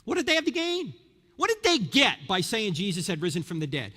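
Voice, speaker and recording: A man's voice: sits high, brisk. A man of about fifty giving a sermon-style lecture to a live audience, telling stories and asking rhetorical questions. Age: around 50. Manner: animated storyteller, rhetorical questions. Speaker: Christian speaker. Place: large hall with audience. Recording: reverberant hall.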